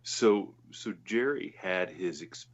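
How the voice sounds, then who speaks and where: A man's voice: sits low, animated, slow pace, highs cut off. A man hosting a podcast who asks probing, wry follow-up questions. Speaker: podcast host. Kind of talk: casual podcast chat.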